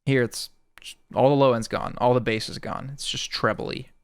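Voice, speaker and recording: Smooth-voiced man explaining audio tricks. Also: mid-range voice, fairly even intonation, normal speed. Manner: laid-back explaining with frequent "sort of". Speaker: music producer explaining sound design. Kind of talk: casual audio tutorial. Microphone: close studio microphone.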